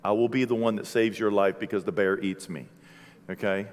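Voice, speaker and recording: A man preaching a sermon, telling stories with lively energy and shouting out the lines he acts out. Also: on the low side, fairly quick. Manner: animated storytelling, shouting acted-out quotes. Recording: long hall reverb.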